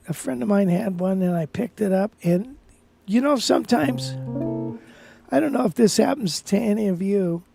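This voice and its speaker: A man's voice: high voice, vocal fry, warm tone, husky, no echo. A man hosting a live guitar stream, rambling casually and thinking aloud with restarts.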